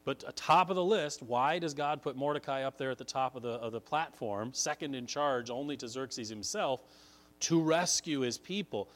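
A man's voice: mid-range voice, moderate pace. A man preaching a sermon, telling a story earnestly and building to emphatic points. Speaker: pastor.

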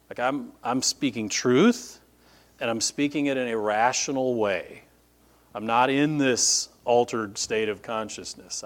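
A middle-aged male pastor delivering a sermon from the pulpit. He tells stories with animated shifts, slipping into the voices of the people he quotes. His voice sits in an ordinary middle pitch.

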